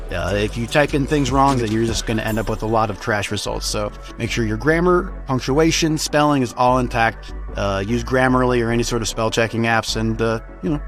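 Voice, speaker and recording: A man hosting a casual tutorial, explaining steps in a relaxed, plain-spoken way with frequent "uh" fillers. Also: mid-range voice. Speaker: tutorial host. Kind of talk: casual screen-recorded tutorial.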